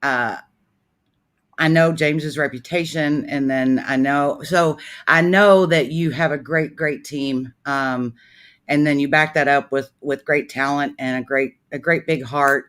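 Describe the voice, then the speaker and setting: A woman's voice: sits low, steady tone, a little slow, fairly bright tone. A woman hosting a casual interview over a video call, talking in an effusive way and laughing easily. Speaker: interview host.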